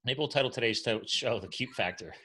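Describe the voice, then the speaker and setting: A man hosting a podcast interview, chatting casually and playfully, jumping up in pitch when he jokes. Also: a little fast, breathy edge. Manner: animated, playful, jumps up in pitch when joking. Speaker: podcast host. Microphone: video call.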